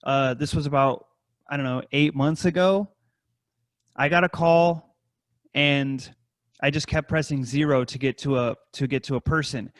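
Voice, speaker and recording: A man's voice: fairly even intonation, moderate pace, dry recording. A man co-hosting a podcast, rambling through a story in casual talk full of profanity. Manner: rambling, heavy swearing, mimics scammers in high voices. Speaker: podcast co-host.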